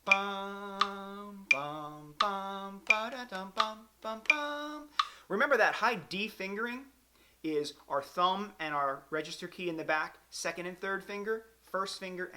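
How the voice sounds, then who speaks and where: A man's voice: a little high, moderate pace, very noisy. A man teaching a clarinet lesson, counting beats aloud in a patient, encouraging way. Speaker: music teacher.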